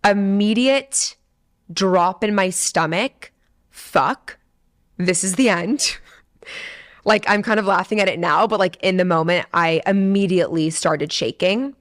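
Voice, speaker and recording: A woman's voice: mid-range voice, unhurried. Chatty young woman telling a personal story. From San Diego, USA. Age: 20s. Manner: emotional, chatty, full of "like" and swearing. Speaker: podcast host. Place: studio.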